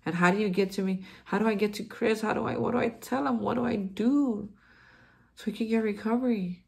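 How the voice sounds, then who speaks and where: Gravelly earnest man sharing recovery reflections. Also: sits high, steady tone, a little fast, a little mellow. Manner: earnest, encouraging, frequent restarts. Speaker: host of a daily recovery reflection. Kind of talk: heartfelt spiritual recovery talk.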